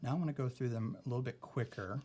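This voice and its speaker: A man's voice: medium pitch, fast, warm tone, a little hiss or hum. A young man teaching a recorded spelling lesson, patient and careful, often checking in with "okay?".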